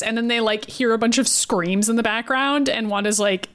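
A woman's voice: on the high side, fairly quick. A woman co-hosting a casual recap podcast, laughing, swearing and filling her talk with "like". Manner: laughing, swearing, filler-heavy banter. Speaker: podcast co-host.

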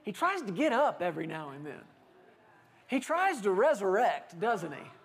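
A male pastor preaching a sermon to a congregation, telling lively stories and acting out dialogue with humor. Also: high voice, normal speed, husky. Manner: animated storytelling preacher, acting out dialogue with laughter.

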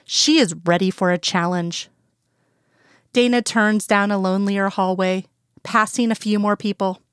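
Smooth-voiced woman narrating fanfiction. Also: mid-range voice, a little slow, no room sound, clean studio sound. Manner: calm storytelling, plain voices for quoted characters. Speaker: fanfiction reader. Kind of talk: scripted narration.

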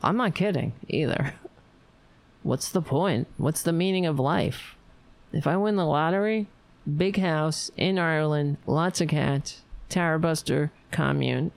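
An overtired woman hosting a livestream, rambling warmly to her viewers and signing off. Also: low-pitched, measured pace, gravelly, no room sound. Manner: rambling, emotional, talks to viewers. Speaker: livestream host. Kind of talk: casual late-night livestream sign-off.

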